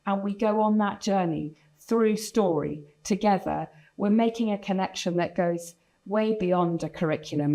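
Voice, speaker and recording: A woman's voice: mid-range voice, moderate pace, warm tone, rough recording. A woman speaking on a conference panel with passion and emphasis. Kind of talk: panel talk.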